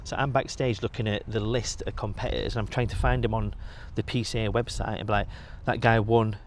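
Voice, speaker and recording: Fast-talking bodybuilder telling stories. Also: male voice, lowish voice, a little hiss or hum. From England. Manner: swears freely, animated storytelling. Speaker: podcast guest, bodybuilder. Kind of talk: casual storytelling.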